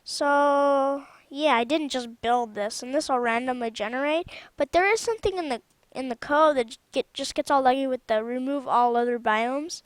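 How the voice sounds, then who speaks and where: A woman's voice: high voice, normal speed, clean tone, no echo. A woman giving casual gameplay commentary on her own game mod, rambling and chatty and often stopping to correct herself.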